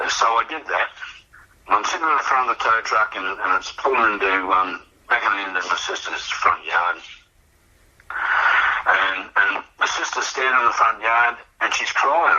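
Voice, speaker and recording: Older aussie bloke, low voice, bright edge, keeps repeating "and, and", reflective storyteller. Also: male voice, moderate pace, muffled recording. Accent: Australian. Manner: rambling, repeats words, reflective. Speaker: guest sharing recovery story. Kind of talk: personal storytelling.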